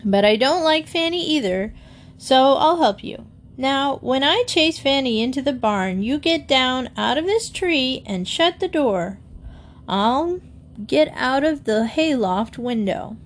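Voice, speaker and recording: A woman's voice: high-pitched, lively intonation, voice pushed up. A woman voicing a bossy, prim talking bird that scolds a boy. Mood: scolding. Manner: scolding, brisk.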